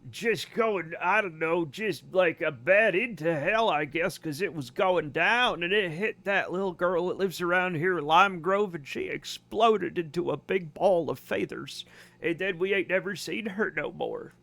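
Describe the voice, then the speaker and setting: A man's voice: sits high, measured pace, creaky, fairly bright tone, exaggerated voice. A man voicing a rambling small-town Southern gossip who tells tall tales in a folksy drawl.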